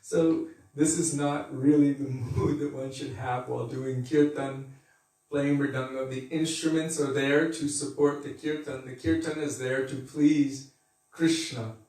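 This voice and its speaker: A man's voice: mid-range voice, fairly even intonation, a little slow, a little mellow. A man giving a conversational devotional scripture class, laughing at times and acting out quotes. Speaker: spiritual teacher giving a class. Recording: echoey room, mic far off.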